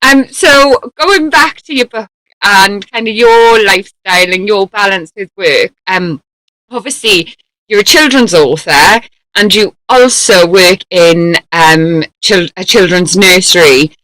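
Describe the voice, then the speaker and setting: A young woman hosts a relaxed interview, chatty and laughing easily between questions. Her voice is bright and a little tense. The sound is close and dry, with no room around it. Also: mid-range voice, unhurried, no echo, low-quality recording. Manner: chatty, laughs often, trailing asides. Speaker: talk show host. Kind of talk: casual interview chat.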